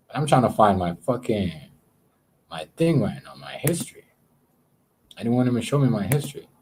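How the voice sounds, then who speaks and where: A man's voice: mid-range voice, darkish tone, slight background noise. A man chatting casually on a livestream, rambling and swearing, often repeating words as he talks to his viewers. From Canada. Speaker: live streamer.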